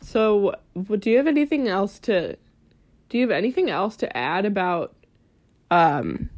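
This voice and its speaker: A woman's voice: mid-range voice, lively intonation, unhurried, darkish tone. Dry young woman co-host. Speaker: podcast co-host. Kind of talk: casual chat.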